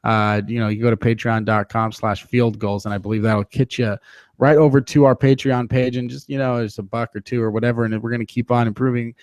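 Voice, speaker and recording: Relaxed male podcast host, dry sound. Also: medium pitch, brisk, no echo. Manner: loose and self-deprecating, with frequent "uh" fillers. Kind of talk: casual sports podcast chat.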